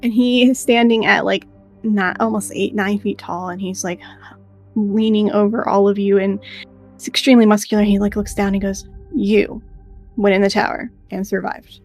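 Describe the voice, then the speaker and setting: A woman game master narrating a tabletop game in a loose, casual way, full of fillers. Her voice sits at an ordinary middle pitch. Faint music plays quietly in the background. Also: steady tone, moderate pace.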